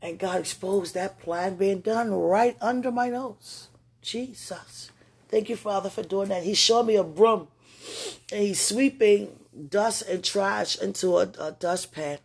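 A person who has just woken up, talking aloud to God in a spontaneous spiritual message. They ramble and swing from excited bursts to quiet murmurs. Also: mid-range voice, gravelly, husky. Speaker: spiritual vlogger.

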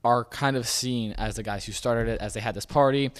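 A man's voice: mid-range voice, steady tone, fairly quick. A man hosting a podcast, explaining things in a loose, rambling way, often saying "kind of" and "like". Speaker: podcast host. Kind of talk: casual informational talk.

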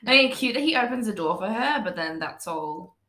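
A young woman reacts bluntly and swears freely while chatting about a TV episode. Her voice is bright and swings widely in pitch. The room around her echoes. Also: lively intonation, fairly quick. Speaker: co-host of a TV recap chat. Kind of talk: casual chat.

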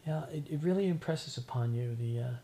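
A middle-aged man, chatting as a podcast guest. He tells unhurried, reflective stories and often stops and restarts his sentences. His voice sits in an ordinary middle range. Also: mid-range voice, mellow, slight background noise. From Newfoundland, Canada. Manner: reflective, rambling storyteller with frequent restarts. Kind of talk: casual conversation.

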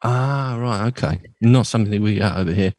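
This middle-aged Bristol man, hosting a radio show, chats casually on a remote call, spinning meandering stories and frequently restarting. His voice is on the low side and slightly mellow, his pace brisk, and the recording dry.

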